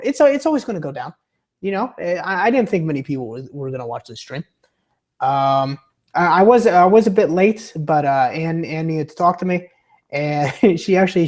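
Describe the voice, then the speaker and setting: A man putting on a higher-pitched voice while chatting casually on a livestream, halting and restarting his sentences. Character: man's put-on high-pitched streamer voice.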